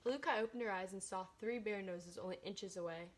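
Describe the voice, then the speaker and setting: A woman reading a children's picture book aloud, gentle and steady at a middle pitch. She then chats plainly about the tale she has just read. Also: fairly quick, noisy background. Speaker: storybook reader.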